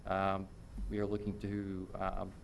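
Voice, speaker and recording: A man's voice: low voice, monotone, unhurried, vocal fry, slight background noise. A man speaking as a citizen at a city meeting, hesitant and brief. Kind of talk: public comment at a meeting.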